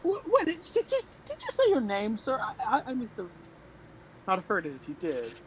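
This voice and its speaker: A man's voice: extremely high pitch, wildly swooping pitch, brisk, a little hiss or hum, pitched above the performer's own voice, full character voice, poor audio. A man playing a genteel, fussy male shopkeeper who talks in an overly polite, refined way. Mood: courteous.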